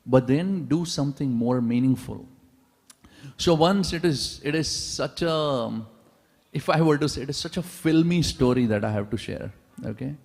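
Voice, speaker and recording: A man's voice: medium pitch, moderate pace, vocal fry, a little mellow. A man giving a sermon in a large temple hall, telling stories animatedly and asking the audience rhetorical questions. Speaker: preacher. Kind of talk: sermon with storytelling. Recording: long reverb of a large hall.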